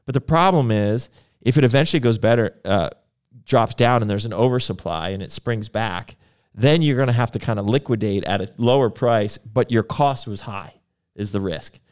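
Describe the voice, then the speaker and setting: Man, low voice, casual chat, rambling storyteller, many fillers. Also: normal speed, a little mellow, clean tone. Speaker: podcast co-host.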